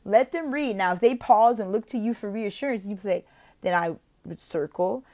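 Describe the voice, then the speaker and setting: Energetic American woman giving teaching tips. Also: medium pitch. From United States. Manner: energetic, switches into a slow, exaggerated teacher voice for examples. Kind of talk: instructional vlog with role-played teaching examples.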